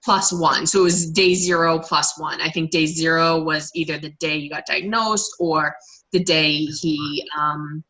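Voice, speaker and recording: A woman's voice: low voice, steady tone, a little slow, bright, forceful tone, rough recording. A woman coaching her team on a conference call, talking casually in long rambling stretches with many restarts and fillers. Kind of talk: casual motivational talk. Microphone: conference call line.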